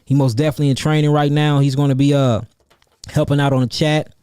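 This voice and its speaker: Male host, fairly high voice, dry close sound, animated live Q&A delivery with lots of repetition. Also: fast talker, clean tone, no echo. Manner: animated, calls out chat names and repeats himself for emphasis. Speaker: herbalist host answering viewer questions. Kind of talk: livestream Q&A, casual and preachy.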